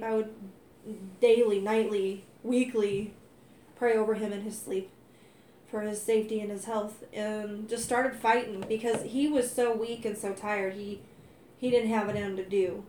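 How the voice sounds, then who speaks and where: A woman's voice: fairly high pitch, a little mellow, roomy sound, a little hiss or hum. A woman telling her faith testimony in casual conversation, earnest and emphatic, growing heated as she quotes herself. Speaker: wife sharing testimony.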